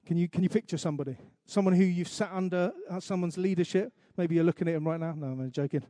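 A man preaching a sermon, earnest, reciting scripture slowly and emphatically, with light asides to the congregation. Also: high voice, dark tone, no echo, clean studio sound. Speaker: pastor.

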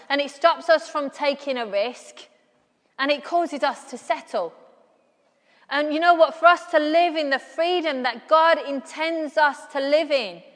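A woman's voice: high-pitched, a bit bright. A woman preaching a sermon, earnest and repeating key phrases for emphasis. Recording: long hall reverb.

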